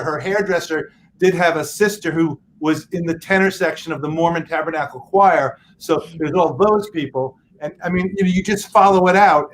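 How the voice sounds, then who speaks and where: A man telling animated stories and playing a game on a video call, chatty and playful. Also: on the high side, a little hiss or hum, poor audio. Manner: chatty, playful, acts out quoted voices. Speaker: game night guest.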